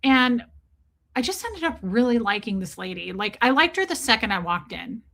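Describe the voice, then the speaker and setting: A woman hosting a livestream, telling a story in a chatty, animated way while greeting her chat. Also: on the high side, normal speed, creaky. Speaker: livestream host.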